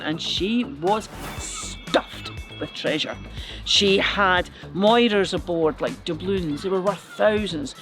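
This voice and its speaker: A man narrating a comic history story with playful, chatty asides to the listener. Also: sits high. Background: music.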